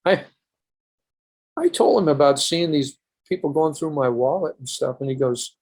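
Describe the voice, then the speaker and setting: A man's voice: on the high side, normal speed, darkish tone. An older man, a podcast guest, recounting a personal story earnestly in a rambling way with restarts.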